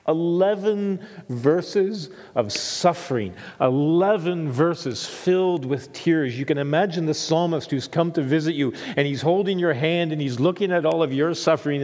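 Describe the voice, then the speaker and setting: A middle-aged man preaching a sermon as pastor, earnest and repeating phrases for emphasis, dropping to a hush and then lifting again. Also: on the high side, long reverb tail.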